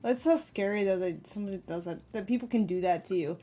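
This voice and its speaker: A woman's voice: medium pitch, fast talker, warm tone. A woman chatting casually in a group, reacting sympathetically and asking questions. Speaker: streamer in group chat. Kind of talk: casual chat.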